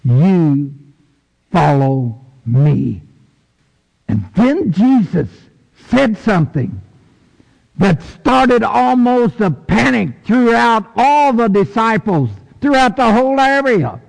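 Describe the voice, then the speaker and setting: A man preaching a sermon in a church, folksy and emphatic, with sudden high bursts for stress. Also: big pitch swings, takes it slowly, creaky. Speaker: pastor. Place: church sanctuary. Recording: long echo of a big hall.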